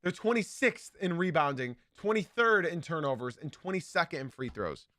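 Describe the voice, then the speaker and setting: A man's voice: fairly high pitch, animated, normal speed, bright, forceful tone, no echo. A man hosting a live basketball podcast, talking emphatically and repeating his key points. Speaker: podcast host.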